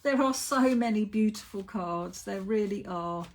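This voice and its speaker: A woman's voice: mid-range voice, a little slow. A middle-aged British woman hosting a casual craft live stream, gushing with praise as she shows cards.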